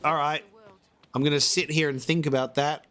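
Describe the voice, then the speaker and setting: A man's voice: a little high, level tone, moderate pace, a bit bright. A man reacting to a video game as a let's-play host, exasperated and rambling, often swearing.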